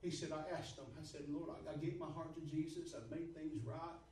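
A man's voice: fairly high pitch, level tone, a little hiss or hum. Preacher guy, story sermon, big echoey church, mic kinda far off. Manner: builds to shouted, climactic preaching with repetition; drawn-out, soft storytelling delivery. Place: church sanctuary.

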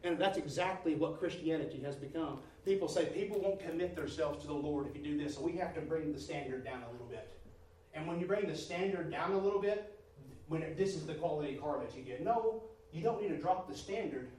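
A man preaching a testimony sermon, emphatic, swinging from quiet talk to near-shouting and calling his listeners brother and sister. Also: fairly high pitch, a little fast. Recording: echoey hall from far off, faint noise.

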